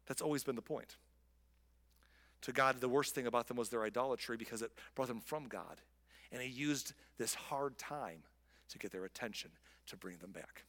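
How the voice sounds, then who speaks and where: A man preaching a sermon, telling the story with animated energy and acting out the people he quotes. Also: moderate pace, in a large hall. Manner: animated storytelling, voices quoted figures with rising pitch. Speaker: pastor.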